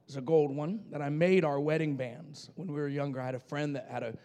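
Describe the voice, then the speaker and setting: A middle-aged male pastor from New Mexico telling a story in a sermon, playfully acting out voices and swinging from quiet asides to shouting. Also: a little high, fairly even intonation, a little fast. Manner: playful, acts out voices in his stories.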